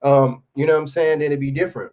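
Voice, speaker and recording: A man's voice: on the high side, fairly even intonation, fast talker, a little mellow. A man hosting a livestream, reacting to clips with casual, profane, heated ranting and lots of fillers and restarts. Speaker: livestream host.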